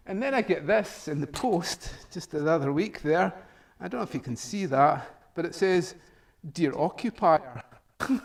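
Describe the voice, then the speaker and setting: A middle-aged man, a professor, giving a humorous meetup talk, chuckling often and acting out both sides of a conversation. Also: fairly high pitch. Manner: jokey storytelling, chuckles often, acts out dialogue. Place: meetup venue room.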